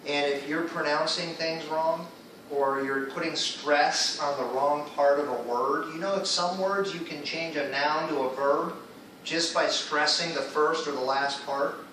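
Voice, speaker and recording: A man's voice: a little high, steady tone, measured pace, bright, forceful tone, far from the mic, slight background noise. Guy teaching english class, keeps asking okay? right?, recorded from across a big echoey room. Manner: explains patiently, checks in with students often. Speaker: ESL teacher.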